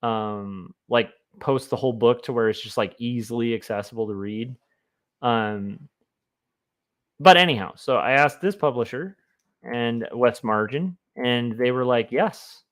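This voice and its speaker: A man's voice: medium pitch, unhurried, a bit bright. A man, a comic artist, chatting casually on a livestream in a rambling, self-amused way. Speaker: comic artist streaming his work.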